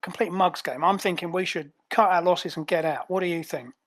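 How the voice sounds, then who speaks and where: A man voicing a loud, gruff male ape secret agent with a Cockney accent, blunt and grumbling. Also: high voice, brisk.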